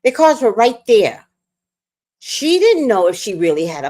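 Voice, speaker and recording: A woman's voice: a little high, moderate pace. Lady hosting a livestream, swinging her voice all over, cussing through a storytime rant. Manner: animated, profane, worked up. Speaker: livestream host.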